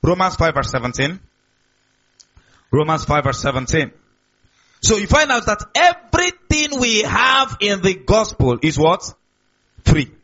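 A man's voice: sits high, very animated, measured pace, long pauses, bright, forceful tone. A man preaching a sermon as pastor, repeating key words and asking the congregation questions. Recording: dull lo-fi recording.

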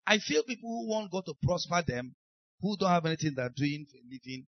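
A man's voice: sits high, expressive, a little fast, muffled recording. A man with a Nigerian accent preaching a sermon as pastor, emphatic and acting out the voices of people he quotes. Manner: emphatic, acts out quoted speakers.

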